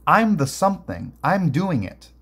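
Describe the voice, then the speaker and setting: A man's voice: a little high, very animated, unhurried, a bit bright, slightly rough, pitched above the performer's own voice, exaggerated voice. A man voicing a sarcastic police inspector in a language lesson, sniping at a colleague. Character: sarcastic middle-aged male police inspector.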